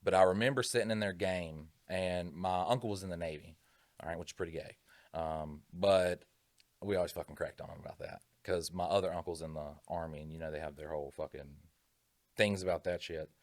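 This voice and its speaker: A man's voice: low voice, steady tone, brisk, no room sound. A man co-hosting a podcast, telling rambling, profane stories in casual chat. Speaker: podcast co-host.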